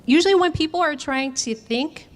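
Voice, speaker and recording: Here a communication trainer with a high voice speaks at a normal speed. She's teaching an interactive workshop, putting questions to the audience and demonstrating how to use the voice.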